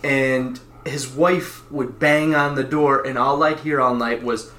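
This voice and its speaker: A man's voice: medium pitch, steady tone, moderate pace, background noise. A middle-aged man casually telling a rambling anecdote, with frequent restarts. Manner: rambling, many restarts and laughs. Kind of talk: casual storytelling. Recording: roomy echo.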